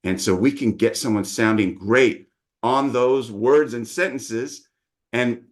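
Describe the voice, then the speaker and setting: A man's voice: mid-range voice, slow pace. A middle-aged man, a dialect coach, patiently explaining his teaching methods in an interview.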